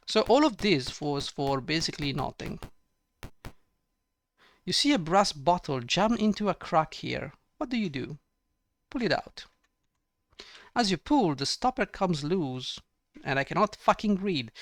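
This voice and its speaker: A man's voice: fairly high pitch, sing-song, a little slow, long pauses, dry recording. A man giving ranting gameplay commentary, exasperated and sarcastic, swearing often. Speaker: let's play gamer.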